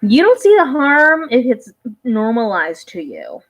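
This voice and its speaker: A woman's voice: fairly high pitch, wildly swooping pitch, a little slow, rough recording. A woman vlogger giving casual reaction commentary, rambling and conversational, often trailing off and restarting her thoughts.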